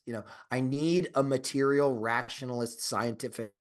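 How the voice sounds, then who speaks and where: A podcast co-host chats casually in a mid-range, steady voice at a normal speed. He rambles, swears, restarts his sentences and leans on fillers, growing emphatic and insistent whenever he argues a point.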